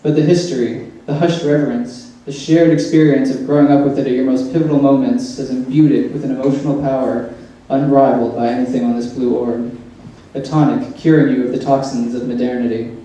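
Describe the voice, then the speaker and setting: A man's voice: mid-range voice, steady tone, a little fast, hardly any pauses, dark tone. Wry man reading an essay, very echoey. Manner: wry, dry asides. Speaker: essay reader. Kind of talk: reading a humorous personal essay aloud. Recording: echoey room, mic far off.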